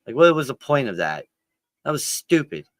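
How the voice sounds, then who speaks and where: A man's voice: medium pitch, sing-song, normal speed, no room sound. A middle-aged man co-hosting a podcast, chatting casually and teasing with lots of laughter over a home video-call mic. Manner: joking, laughs a lot, teasing. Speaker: podcast co-host. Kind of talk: casual chat over a watch-along.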